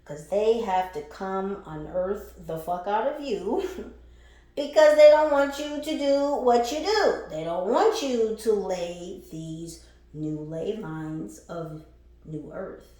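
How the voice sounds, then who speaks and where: A woman's voice: mid-range voice, lively intonation, slow pace, dark tone. A woman giving a casual spiritual reading, blunt and profane, who laughs between lines and repeats phrases for emphasis. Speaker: spiritual reader. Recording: very echoey room.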